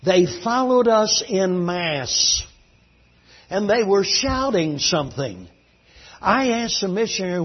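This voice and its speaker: Man, preacher, dramatic sermon storytelling, husky voice, dull lo-fi recording. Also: sits high, very animated, slow. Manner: fervent, dramatic preaching that swings between hushed and loud.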